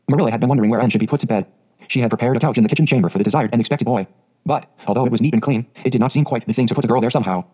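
A man narrating a classic novel as an audiobook reader, in brisk, even storytelling. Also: mid-range voice, slightly rough.

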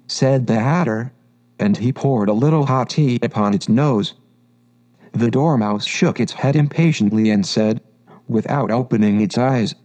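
A man reading a children's classic aloud as narrator, measured and gentle. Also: mid-range voice. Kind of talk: storybook reading.

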